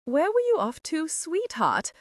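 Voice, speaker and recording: A woman voicing a disguised male highwayman who gives curt, commanding orders with mock menace. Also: huge pitch swings, a little slow, dry recording, studio quality, full character voice.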